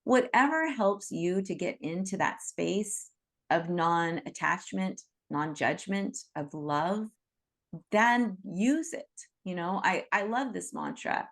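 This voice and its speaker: Gravelly-voiced woman teaching gently. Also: fairly low pitch, slow pace. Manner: earnest, reassuring, frequent "right?" and "you know". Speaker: Reiki teacher leading an online group. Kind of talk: teaching talk to an online group.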